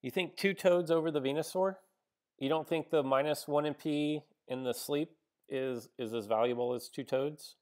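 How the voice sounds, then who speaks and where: A man's voice, a bit high with a darkish tone, comes at a moderate pace as he streams himself playing. He reasons aloud, often halting and starting over with fillers like "um" and "like," and takes viewer questions between moves.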